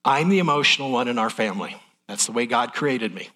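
A man's voice: medium pitch, animated, fast talker, pushed and bright. A middle-aged man preaching a sermon in a folksy, candid, emotional way. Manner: folksy, transparent, emotional delivery.

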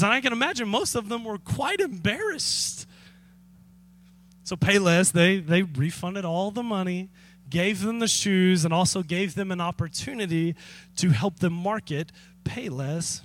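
A man preaching as a pastor, telling a story in a lively, conversational way with direct appeals to the congregation. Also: high voice, a little slow. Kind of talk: sermon.

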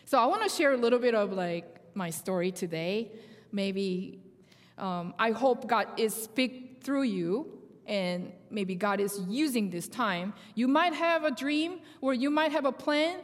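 A young woman with a Korean accent, a native Korean speaker, giving a sermon testimony in animated storytelling that acts out dialogue, with halting phrasing. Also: fairly high pitch. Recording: long hall reverb.

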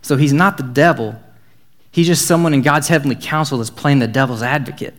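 Young man, middle-pitched, casual upbeat youth-talk delivery. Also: fairly quick, a bit bright. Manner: casual, joking, upbeat storytelling.

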